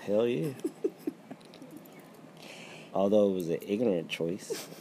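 A man with a very low, gravelly voice talks bluntly in a relaxed chat, swearing freely and laughing often. His tone is dark and mellow. Faint room noise sits behind him. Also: slow. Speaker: podcast co-host. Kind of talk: casual chat.

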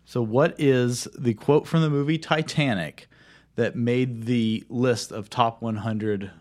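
A man in his thirties hosts a relaxed chat, running a movie-quote quiz with a light, playful touch. His voice sits at an ordinary middle pitch, and he laughs easily between questions. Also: takes it slowly. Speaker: host. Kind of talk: casual chat.

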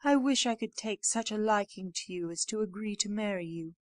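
A woman's voice: medium pitch, fairly quick, dry recording, studio quality, natural voice. A woman reading aloud voices a kind, honest young woman in a storybook, speaking earnestly and firmly. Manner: earnest, firm and candid.

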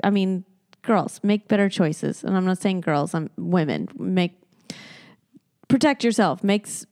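A woman's voice: fairly low pitch, expressive, a little slow, darkish tone. A woman hosting a podcast, chatting casually and bluntly, laughing often. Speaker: podcast host. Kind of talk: casual chat.

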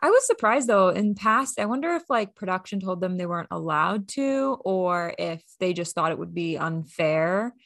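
A woman's voice: lowish voice, lively intonation, moderate pace, vocal fry, few pauses, fairly bright tone, no echo, clean studio sound. A woman hosting a podcast, chatting casually and upbeat with lots of fillers. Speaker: podcast host. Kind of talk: casual recap chat.

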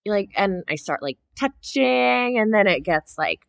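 A woman co-hosting a podcast, telling a story in casual chat, animated, swearing freely and acting out her own reactions. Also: medium pitch, unhurried, gravelly, dry recording, studio quality. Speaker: podcast co-host.

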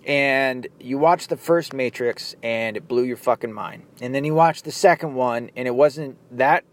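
A man hosting his own podcast, ranting angrily and profanely, firing off rhetorical questions. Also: a little high. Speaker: podcast host. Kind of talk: angry political rant.

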